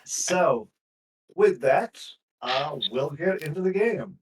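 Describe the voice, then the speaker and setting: A man narrating a recap as game master of a tabletop game, hesitant with many pauses. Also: a little high, expressive, background noise. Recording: distant mic.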